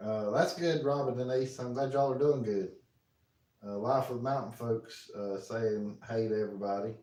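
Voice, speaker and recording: A man's voice: medium pitch, moderate pace, mellow. A man, casually chatting on a live stream from his home kitchen, reading out viewer comments in a folksy way. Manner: folksy, reads viewer comments aloud, talks to his dog. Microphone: phone. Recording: roomy, from a distance.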